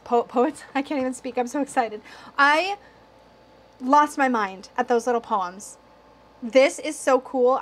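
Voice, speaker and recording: A young woman reviewing tarot decks in a casual video, slightly tipsy, excitable and giggly, cursing now and then. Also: sits high. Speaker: tarot YouTuber.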